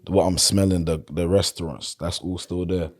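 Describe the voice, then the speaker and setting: A man with a South London accent and a very low voice talks in a casual podcast conversation. He tells stories in a relaxed, rambling way. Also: normal speed. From London, England. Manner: relaxed storyteller, loose and chatty. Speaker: podcast guest.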